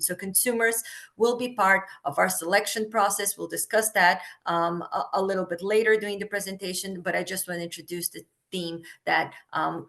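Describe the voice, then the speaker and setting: A woman's voice: lowish voice, creaky, a bit bright. A woman, a research funding program manager, presenting a webinar and explaining things step by step with frequent "um" fillers. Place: remote webinar.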